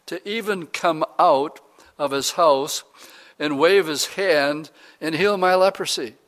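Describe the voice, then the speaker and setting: A preacher putting on a huffy army commander. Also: male voice, on the high side, takes it slowly, a bit bright. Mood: indignant. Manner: indignant, blustering. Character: proud foreign army commander, hot-tempered man.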